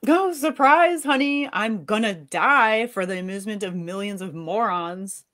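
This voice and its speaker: A woman's voice: mid-range voice, lively intonation, a little fast, natural voice. A woman in a live reading, voicing an angry, sarcastic wife and mother scolding her husband. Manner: sharp, sarcastic.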